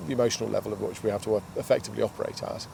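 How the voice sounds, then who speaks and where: Out by a towpath where traffic goes past, a male podcast host interviews someone with long, reflective questions and conversational asides. He talks very fast in a fairly low, fairly even voice with vocal fry, and faint street noise comes through.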